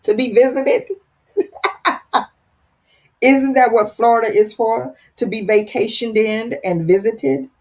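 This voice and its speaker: A woman's voice: fairly high pitch, takes it slowly, long pauses, a little mellow. A woman hosting a casual livestream, reading out viewer comments with a playful, teasing, dramatic manner. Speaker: live stream host reading viewer comments. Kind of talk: casual chat.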